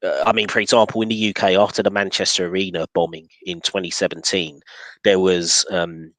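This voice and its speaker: Deep-voiced hesitant man, dry sound. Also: flat delivery, a little fast, a bit bright, no echo, rough recording. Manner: hesitant, many restarts and fillers. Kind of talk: casual discussion.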